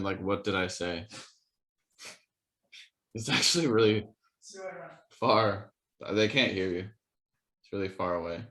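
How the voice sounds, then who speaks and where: A man's voice: low-pitched, a bit bright. A young man co-hosting a podcast in casual chat, talking in a rambling, hesitant way with lots of fillers. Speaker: podcast co-host.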